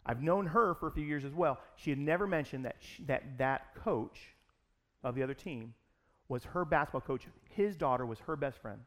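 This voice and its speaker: A pastor telling a personal story in a sermon, in an animated, conversational way. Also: male voice, medium pitch, normal speed.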